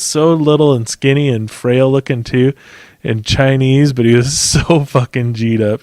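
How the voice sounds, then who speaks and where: A man's voice: medium pitch, steady tone, normal speed, darkish tone, no echo, clean studio sound. A man hosting a podcast who talks in a loose, rambling way, swearing freely and laughing often. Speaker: podcast host. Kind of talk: casual chat.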